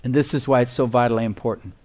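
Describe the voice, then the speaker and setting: A man's voice: mid-range voice, fairly even intonation, very fast, darkish tone. A man preaching a sermon as pastor, emphatic, with call-and-response asides and repeated words for emphasis.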